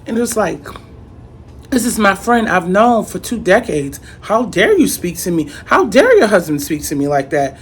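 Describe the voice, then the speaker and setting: A woman in her late thirties tells a storytime vlog on her channel. She talks in an animated, exclamatory way and keeps repeating herself for emphasis. Her pitch swings widely from low to high. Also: normal speed, husky. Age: 30s. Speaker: YouTuber.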